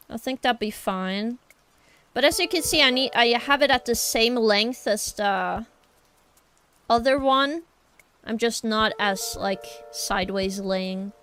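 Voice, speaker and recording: A woman's voice: fairly high pitch, fairly bright tone. A young woman chatting casually with her live-stream viewers while she draws, apologetic and easygoing. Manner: chatty, apologetic, talks to chat while sketching. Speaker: art streamer.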